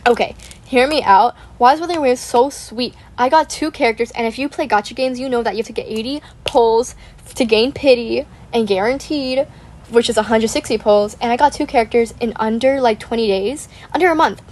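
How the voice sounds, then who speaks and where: A woman's voice: on the high side, a little fast, a little mellow. A young woman hosting a gaming channel, rambling in casual chat, saying "like" constantly, giggling and apologizing.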